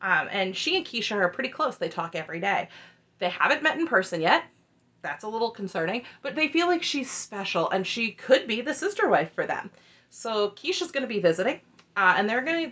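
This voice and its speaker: A woman's voice: mid-range voice, big pitch swings, brisk, a bit bright, dull audio. A woman casually recapping a reality TV episode, chatty and opinionated, with wry asides.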